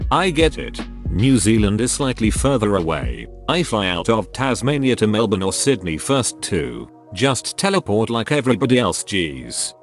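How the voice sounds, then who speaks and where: Brief: low-voiced male narrator, lively delivery, wry asides, faint music underneath. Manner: wry, joking commentary between readings. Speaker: narrator reading online posts. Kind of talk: casual narration with jokey asides.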